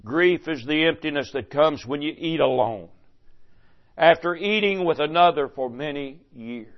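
An older man preaching a sermon to a congregation, swinging between loud declarations and hushed, slow phrases, with rhetorical questions. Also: fairly high pitch. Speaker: pastor. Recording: dull lo-fi recording.

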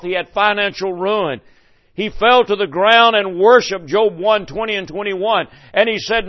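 An older man preaching a sermon to a congregation, swinging between loud declarations and hushed, slow phrases, with rhetorical questions. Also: high-pitched. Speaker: pastor. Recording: dull lo-fi recording.

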